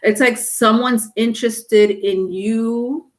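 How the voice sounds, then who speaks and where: A woman doing a live tarot reading, talking casually, halting and repeating words, with some swearing. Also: a little high, fairly even intonation. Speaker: tarot reader.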